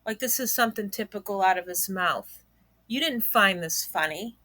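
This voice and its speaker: A woman's voice: medium pitch, animated, normal speed, pushed and bright, no room sound. A woman giving reaction commentary on a YouTube channel, blunt and indignant, swearing freely.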